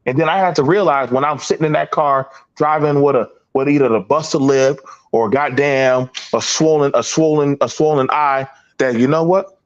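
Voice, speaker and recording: A man's voice: fairly high pitch, normal speed, smooth, highs cut off. A man hosting a heated panel talk, telling emphatic, profane stories. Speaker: podcast host.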